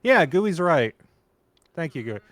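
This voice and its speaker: A man co-hosting a game stream, giving deadpan, instructional mock-guide commentary. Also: a little high, takes it slowly, no room sound. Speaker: co-host.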